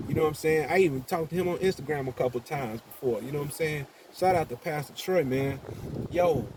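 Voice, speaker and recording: A man's voice: a little high, noisy background. A man from Chicago talking casually to his viewers, laid back and slangy, often asking "you know what I'm saying". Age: older adult. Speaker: vlogger. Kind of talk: casual monologue to camera.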